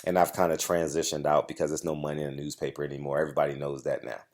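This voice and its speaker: A man with a deep, low-pitched voice speaks straight to his audience in a heated monologue. He drives each point home by repeating it and cuts in with short asides to his viewers. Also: little pitch movement, very fast, a little mellow. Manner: emphatic, repetitive, confrontational storytelling. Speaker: boxing journalist and channel host. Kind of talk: direct-to-camera monologue.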